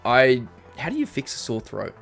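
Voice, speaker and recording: A man's voice: medium pitch, huge pitch swings, moderate pace, gravelly. A young Australian man casually chatting on a live stream, rambling and reading chat messages aloud. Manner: rambling, reads chat aloud, frequent ums. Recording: faint background music.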